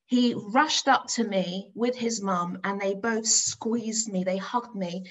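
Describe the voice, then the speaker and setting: A middle-aged woman from north-west London, a teacher, giving a lively storytelling talk. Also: mid-range voice, unhurried, rough recording. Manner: animated storyteller, acts out her own excited voice.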